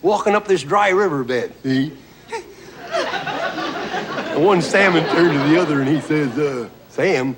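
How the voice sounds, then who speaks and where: Man, high voice, stand-up comedian, folksy storytelling, chuckles at own jokes, studio audience laughing, noisy old TV recording. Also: unhurried, pauses often, crowd noise. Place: TV studio stage.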